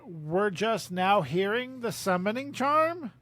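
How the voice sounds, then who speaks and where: Guy with a high voice, chatty book podcast cohost reading bits aloud, laughs a lot, dry close sound. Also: very animated, slow pace, fairly bright tone, no room sound. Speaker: podcast co-host. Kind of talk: casual book-discussion chat and reading aloud.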